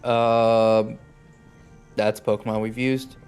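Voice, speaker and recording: A man's voice: lowish voice, little pitch movement, slow, a little mellow, clear, resonant tone, faint music behind. A man playing a tabletop game, casual and hesitant, with many fillers. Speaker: player.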